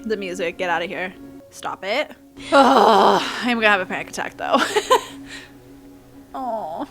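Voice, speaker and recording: A woman's voice: mid-range voice, lively intonation, slow pace, a bit bright, faint music behind. A woman giving casual, emotional movie reaction commentary, gushing and laughing often. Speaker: reaction YouTuber.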